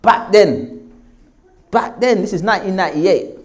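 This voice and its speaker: Though high-pitched, this man keeps a measured pace while recounting a story from his past. He's an English actor in his forties with a South London accent, and he animatedly performs the people he quotes.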